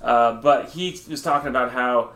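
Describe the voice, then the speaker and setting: A man's voice: mid-range voice, moderate pace, a bit bright, roomy sound, slight background noise. A man chatting on a podcast about surviving cancer, talking bluntly, swearing freely and laughing at his own rants. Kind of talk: casual podcast chat.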